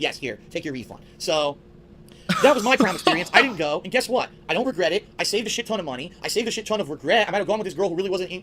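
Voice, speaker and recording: Fast, high-voiced man on an angry rant. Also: a bit bright, a little hiss or hum. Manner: rapid, profane, indignant. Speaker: ranting show host.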